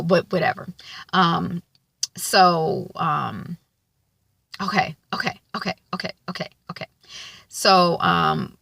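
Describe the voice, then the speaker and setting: A woman's voice: fairly low pitch, creaky, fairly bright tone, no room sound. A woman giving a casual spoken recap of a TV episode, chatty and loose, with many filler ums. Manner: colloquial, loose grammar. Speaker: TV episode reviewer.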